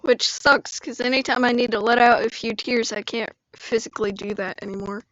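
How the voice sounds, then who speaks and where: High-voiced young woman live streamer. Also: fairly even intonation, fairly quick, a bit bright, no echo, muffled recording. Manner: emotional, squealing in high-pitched bursts while laughing. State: congested from allergies. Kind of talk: casual live stream chat. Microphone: phone or computer mic.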